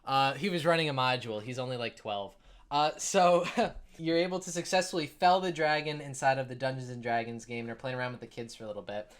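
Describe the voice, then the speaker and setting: A man's voice: mid-range voice, fairly quick, clean tone. A man narrating a tabletop game as game master, rambling with many fillers. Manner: rambling, full of fillers, laughing.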